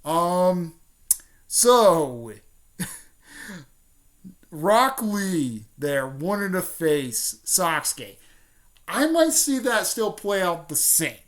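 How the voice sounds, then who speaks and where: A man's voice: sits high, very animated, very slow, long pauses, a bit bright. A man casually retelling a fan story, rambling with many fillers and restarts.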